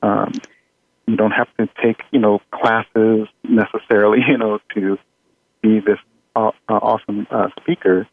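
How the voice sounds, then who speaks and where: A man's voice: on the low side, measured pace, dry recording. Man on a tinny call line. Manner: relaxed, chuckling, many fillers. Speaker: audio engineer guest. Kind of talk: conversational interview.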